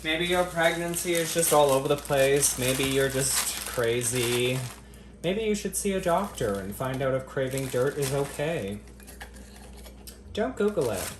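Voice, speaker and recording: A man's voice: medium pitch, lively intonation, unhurried, noisy background. A man with a mid-range voice runs a casual cooking vlog from his home kitchen, cracking crude, profane jokes straight to the camera. He keeps stopping to taste the food and murmur over it, and the hard kitchen walls give his voice an echo. Dishes and cutlery clink faintly behind him. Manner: tasting food between lines with appreciative murmurs. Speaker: cooking vlogger. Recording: echoey kitchen.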